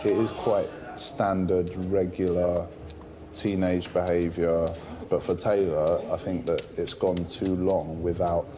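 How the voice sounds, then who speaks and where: A man, a teacher, speaking in a measured, considered way in an interview. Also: low voice, dark tone, slight background noise.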